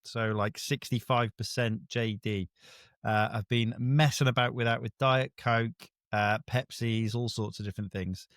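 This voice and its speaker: A man, co-host of a podcast, chatting casually and telling an animated story in which he acts out other people's lines. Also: medium pitch, a little slow, no echo, studio quality. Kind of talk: casual chat.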